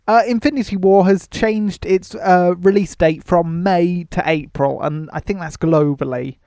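A man's voice: high voice, fairly even intonation, unhurried, few pauses, warm tone, clear, resonant tone, dry recording, clean studio sound. A man hosting a casual podcast about films, rambling with frequent laughs and restarts. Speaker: podcast host. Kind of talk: casual film-review chat.

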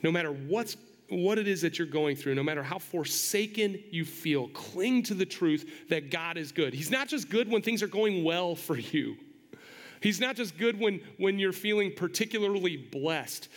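A man preaching a sermon in an earnest, halting way, often repeating words as he goes. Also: high voice, lively intonation, in a large hall. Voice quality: bald. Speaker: pastor.

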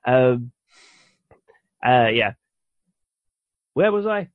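Drawing out his words in an animated, mid-range voice, this UK podcast co-host rambles with enthusiasm while explaining a cartoon in casual conversation. There's no echo, and the lo-fi recording sounds dull and dry.

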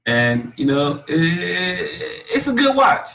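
A man's voice: high-pitched, big pitch swings, slow, vocal fry, bright, forceful tone, recorded from a distance, slight background noise, low-quality recording. A man, a guest comedian and actor, chatting casually on a podcast in a laid-back, slangy way, often repeating himself.

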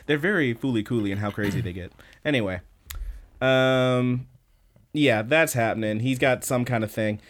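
Man, podcast co-host, mid pitch; swears freely, retells scenes with energy and quoted voices. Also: moderate pace. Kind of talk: casual recap chat.

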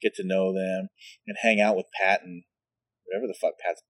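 Homem falante contando histórias, voz animada. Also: male voice, lowish voice, sing-song, fairly quick, creaky, a bit bright, no echo. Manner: rambling, profane, laughs at his own stories. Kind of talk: casual storytelling chat.

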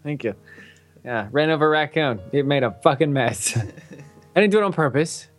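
A man's voice: a little high, expressive, normal speed, faint music behind. A young man on a casual podcast, rambling through a profane story and laughing often. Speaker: podcast co-host. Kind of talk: casual chat.

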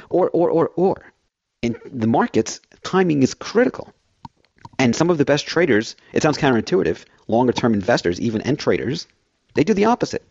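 A man's voice: medium pitch, darkish tone, dry recording, lo-fi sound. A man filling in as host of a financial radio show, rambling through everyday analogies.

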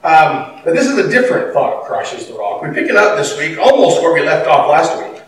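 A pastor preaching a sermon in a church, talking conversationally with emphatic bursts. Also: male voice, on the high side, very animated, a little fast, a little hiss or hum. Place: church sanctuary. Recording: echoey hall from far off, faint ambience.

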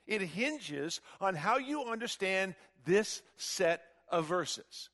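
A man preaching a sermon, animated and emphatic, with frequent rhetorical questions. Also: sits high, takes it slowly, hardly any pauses.

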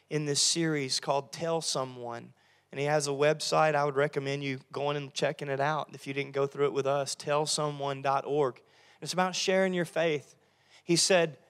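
A man preaches to his congregation, lively and playful, slipping into comic voices for the figures in his story. His voice sits high for a man. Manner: animated, acts out Bible figures in funny voices. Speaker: pastor. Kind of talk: sermon. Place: church sanctuary.

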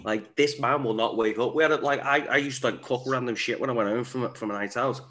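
A man's voice: mid-range voice, steady tone, fast talker, bright, forceful tone. A young man chatting bluntly and crudely about pranks on a friend. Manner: blunt, crude, laughs along. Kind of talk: casual chat.

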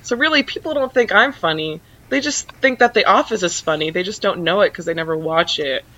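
A woman's voice: on the low side, a little fast, bright, forceful tone, muffled recording. A young woman guest in casual chat, telling stories in a dry, self-mocking way.

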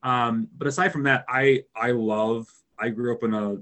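Minnesotan man, casual podcast co-host, rambling, lots of fillers, mid-pitched voice. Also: fairly even intonation, normal speed, fairly bright tone. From Minnesota, rural area. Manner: rambling, many fillers and restarts. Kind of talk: casual film discussion.

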